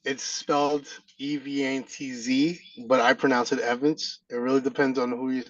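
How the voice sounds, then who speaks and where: A man's voice: medium pitch, little pitch movement, normal speed, no echo. Joking New York man on a dull, distant line. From Brooklyn, New York. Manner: joking, self-deprecating and candid. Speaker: guest, real estate agent. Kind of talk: casual interview chat.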